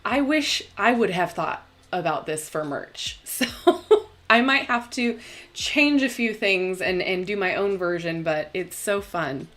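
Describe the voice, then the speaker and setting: A young woman hosting a tarot live stream, talking casually and bubbly, laughing often and filling pauses with "um". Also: fairly low pitch, animated, a bit bright. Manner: chatty, bubbly, laughs often, many fillers. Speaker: tarot channel host.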